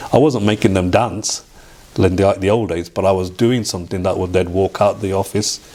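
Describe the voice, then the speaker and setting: A man, telling his life story as an interview guest in a halting way, with restarts and reenacted dialogue. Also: low-pitched, mellow. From Derby, England. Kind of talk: personal storytelling in a sit-down interview.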